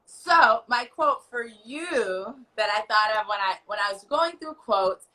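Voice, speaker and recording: A woman's voice: medium pitch, bright, forceful tone, poor audio. An American woman hosting a podcast, upbeat and teasing as she interviews a guest. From United States. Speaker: podcast host. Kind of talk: casual video interview.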